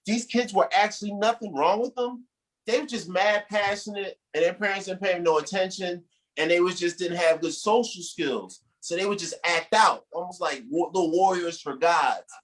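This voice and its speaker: Dude emceeing a comedy night, loose and animated, hyping the crowd between acts. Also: male voice, high voice, moderate pace, low-quality recording.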